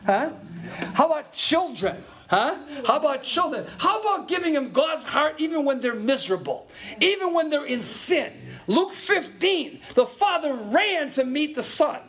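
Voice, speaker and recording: Older guy preaching, storytelling, voice jumps all over, laughs a lot. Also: normal speed. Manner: animated storytelling, swings from low murmurs to loud exclaims; laughs often, chatty asides to the congregation. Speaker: pastor. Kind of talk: sermon.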